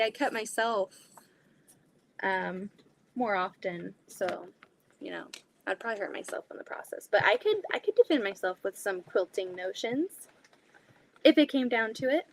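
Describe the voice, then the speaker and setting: A woman's voice: mid-range voice, expressive, moderate pace, long pauses, fairly bright tone, low-quality recording. A young woman, hosting a live quilting stream from her basement sewing room, chatting casually with lots of fillers and giggles. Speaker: quilting livestream host.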